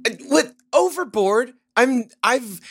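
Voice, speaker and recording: A woman's voice: a little high, expressive, slow, husky. A woman in an improvised comedy chat, giggly and quizzical.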